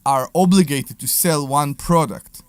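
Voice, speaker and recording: A male radio co-host who talks thoughtfully and often restarts his sentences. His voice is slightly high for a man and sounds dry and close on the studio mic. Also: unhurried, no echo. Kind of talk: casual talk radio chat.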